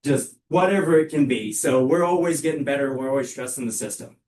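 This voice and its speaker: A young man giving a live sales training talk to a room of colleagues, with a loud, energetic, emphatic delivery. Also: medium pitch, fairly quick, a little hiss or hum. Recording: echoey room, mic far off.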